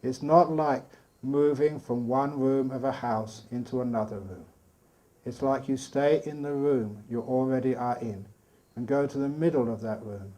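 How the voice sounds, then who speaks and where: Mellow-voiced man teaching meditation. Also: medium pitch. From Australia. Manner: calm, slow, patient with soft pauses. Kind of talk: guided meditation talk. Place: retreat hall.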